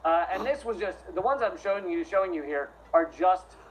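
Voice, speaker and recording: A man's voice: high-pitched, a little fast, slight background noise, poor audio. A man in a played clip delivering a sardonic, scornful political commentary monologue.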